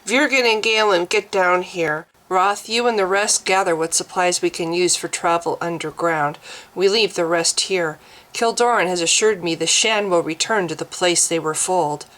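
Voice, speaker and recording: A woman voicing a calm, stern human man who leads, speaking quietly and in measured words. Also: fairly low pitch, natural voice, poor audio. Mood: commanding.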